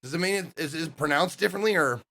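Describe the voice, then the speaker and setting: A man's voice: on the high side, fast talker, gravelly, bright, forceful tone. Chatty young guy streaming a game. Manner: chatty, reads game text aloud, muses to viewers. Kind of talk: casual let's-play commentary.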